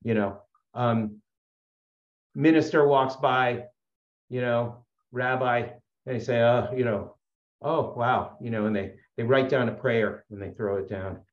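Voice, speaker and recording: At a recovery meeting, a man earnestly recounts his story, wandering off track with frequent fillers and restarts. His medium-pitched voice keeps a measured pace, and the dull audio is reverberant.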